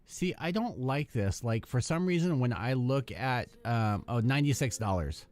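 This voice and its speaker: A man's voice: medium pitch, expressive, normal speed, a little mellow. Rambling man on a casual live stream. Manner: rambling, loose, lots of fillers and trailing off. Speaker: hobby channel host. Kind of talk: casual live-stream chat while building a model kit.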